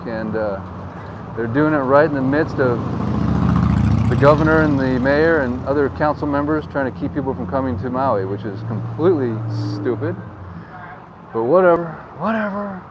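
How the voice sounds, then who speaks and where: An upbeat man of medium pitch, a real estate agent, gives a casual, chatty tour of a town as he rides down its street, joking and wandering into asides. The mic is wind-muffled with a windsock, and faint wind and street traffic can be heard.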